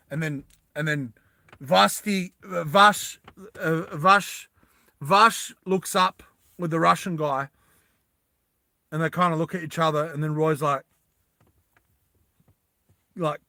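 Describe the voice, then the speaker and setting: A man telling a story in a rambling, animated way, full of fillers and asides. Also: a little high, a little slow, vocal fry, long pauses, dry recording. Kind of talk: improvised casual storytelling.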